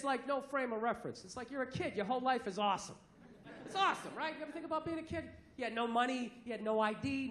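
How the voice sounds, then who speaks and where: A man in his forties with a Boston accent, performing stand-up with a brash, profane, mock-outraged delivery and a strikingly high voice. His voice rings through an echoey hall while the crowd laughs loudly around him. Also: background noise. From Massachusetts, USA. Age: 40s. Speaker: stand-up comedian. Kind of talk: stand-up comedy set. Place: theater stage. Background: audience laughter and ambience.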